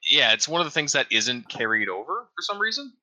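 A man talking casually on a podcast with a very bright, sharp tone at a mid pitch. His delivery is relaxed, and he sometimes reads from his notes. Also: fairly quick, low-quality recording. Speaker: podcast co-host. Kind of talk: casual chat.

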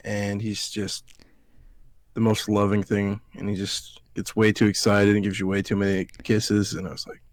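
A man's voice: lowish voice, monotone, normal speed, dry recording. A man hosting a podcast, telling a rambling story in casual chat, swearing freely. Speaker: podcast host.

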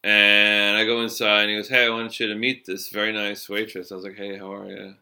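A man's voice: fairly low pitch, monotone, brisk, pushed and bright. A middle-aged man telling a loose, profane story from his cab-driving days in a casual chat. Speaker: storyteller, former cab driver.

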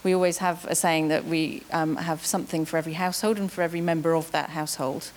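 Woman presenting at a conference, soft-voiced. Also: low-pitched, fairly even intonation, fast, slight background noise. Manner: friendly, frequent ums. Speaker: TV executive presenting on a panel.

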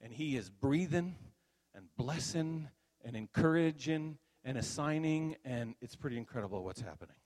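An older man preaches in a chatty, story-driven way, tossing in asides to his listeners. His voice sits at a middling pitch and rises when a story reaches its peak. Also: normal speed, big-room sound. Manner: conversational storytelling, animated at high points. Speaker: minister. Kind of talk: sermon testimony.

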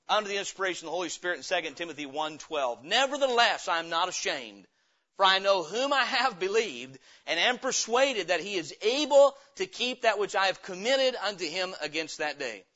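Bright, high-voiced preacher. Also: male voice, highs cut off. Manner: preaching with big swings in loudness, from shouting to low and quiet. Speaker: pastor. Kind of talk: sermon. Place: church sanctuary.

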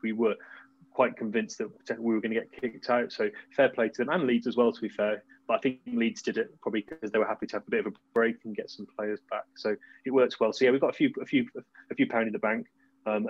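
A man, talking casually on a podcast as a guest, rambling with many restarts. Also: fairly low pitch. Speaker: podcast guest, club fan. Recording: dry, dull lo-fi sound.

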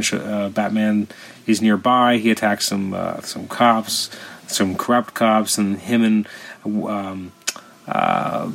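Rambling man with a lower voice. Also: vocal fry. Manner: rambling, filler-heavy, incredulous. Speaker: comic book reviewer. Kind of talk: casual spoken review.

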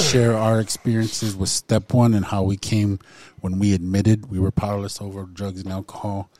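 A man sharing his personal testimony in a recovery circle, halting with fillers and frequent throat-clearing. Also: fairly low pitch, a little mellow, no room sound, clean studio sound. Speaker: recovery group member sharing.

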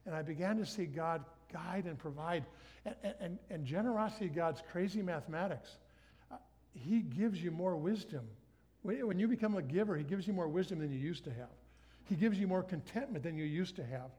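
Animated high-voiced man preaching a sermon. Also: moderate pace, husky. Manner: animated storytelling, acts out his own inner dialogue. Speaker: guest speaker.

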